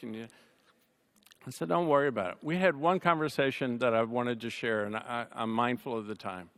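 A man speaking on a panel, telling a personal family story in a conversational way, with dry humor, his voice softening at the sad moments. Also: mid-range voice, fairly quick. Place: large chapel. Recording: long reverb of a large hall.

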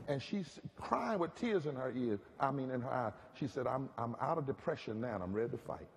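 A man's voice: mid-range voice, lively intonation, a little fast, hardly any pauses. A man with a Southern US accent, speaking as a pastor on a panel, telling stories in a rhythmic preacherly way that builds to emphatic peaks. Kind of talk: preacherly storytelling. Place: large chapel hall. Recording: long hall reverb.

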